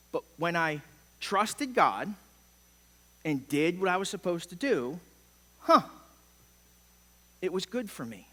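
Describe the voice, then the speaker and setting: A middle-aged male pastor preaches with a high, bright, ringing voice. His delivery is impassioned and emphatic, swelling and dropping suddenly. The sound carries a long reverb from a church hall. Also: sing-song, slow, long pauses. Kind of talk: sermon. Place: church sanctuary.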